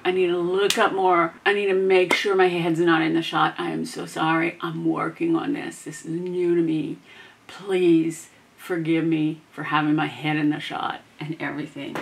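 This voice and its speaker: A woman's voice: fairly low pitch, expressive, unhurried, vocal fry, a bit bright. A woman, chatting through a craft demo at her home desk and often dropping into half-whispered asides as she works. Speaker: crafting vlogger. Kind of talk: casual craft demo talk. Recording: noisy home recording.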